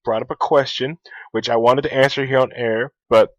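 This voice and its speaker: A man's voice: medium pitch, fairly even intonation, moderate pace, no echo. A man hosting a casual podcast, laid-back and wry as he reads out chat messages. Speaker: podcast host. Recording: dull, dry lo-fi sound.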